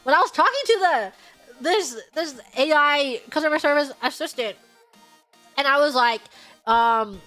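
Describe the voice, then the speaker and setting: A woman streamer telling a story in casual chat, animated and exasperated, with sudden shouted outbursts. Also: high-pitched, a little slow, soft background music.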